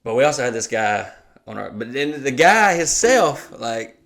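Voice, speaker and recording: A man's voice: medium pitch, big pitch swings, normal speed, creaky, fairly bright tone. Laughing, swearing podcast storyteller man. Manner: profane storyteller, laughs often, acts out quotes. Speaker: podcast co-host. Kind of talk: casual podcast chat.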